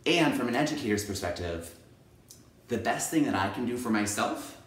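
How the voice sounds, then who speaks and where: Energetic man in an echoey room. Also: mid-range voice, moderate pace. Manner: energetic, playful, emphatic. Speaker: kindergarten teacher. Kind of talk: enthusiastic video talk to camera. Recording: echoey room, mic at a distance.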